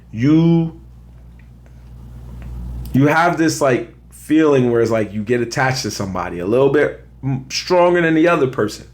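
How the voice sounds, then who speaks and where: A man with a New York accent, hosting a casual reality TV commentary, animated and slangy, talking straight to his viewers. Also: mid-range voice. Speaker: show host.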